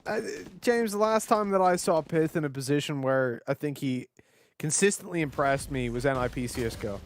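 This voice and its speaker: Joking Irish esports caster. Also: male voice, on the high side, lively intonation. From Ireland. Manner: chatty, joking, quick laughs. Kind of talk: esports commentary.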